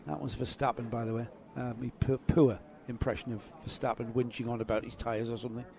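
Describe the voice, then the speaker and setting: A man's voice: medium pitch, quick pace, creaky. A man giving live, chatty race commentary that lifts on the action. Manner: chatty, jokey, rising excitement on action.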